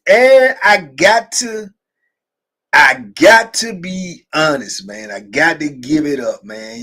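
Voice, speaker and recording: This man hosts a livestream, spinning loose, laughing stories full of asides and answering viewer comments as they come in. His voice sits a little high with a fairly bright tone, and the talk is casual storytelling aimed at a live chat.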